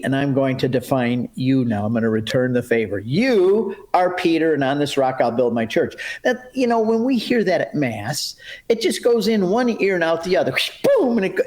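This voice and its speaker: A middle-aged man gives a lively Bible lesson, his voice a touch higher than most men's. He tells it like a story, slipping into the quoted lines and making quick asides to the people listening. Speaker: Bible teacher and pilgrimage guide. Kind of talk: lively Bible teaching talk.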